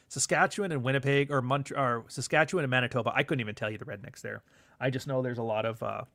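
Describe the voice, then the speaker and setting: A man's voice: mid-range voice, creaky, fairly bright tone, dry recording. A man from Canada talking on his livestream in a loose, rambling way, swearing freely and reacting to chat comments. His voice sits mid-range for a man, recorded close with a dry, roomless sound. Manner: rambling, profane, reads chat aloud. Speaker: livestream host.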